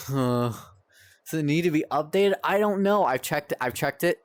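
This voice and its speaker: A man's voice: on the high side, animated, measured pace, no room sound. Exasperated young male streamer, dry sound. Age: young adult. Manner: exasperated, rambling, swears a lot, talks to chat. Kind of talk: live-stream chat while gaming.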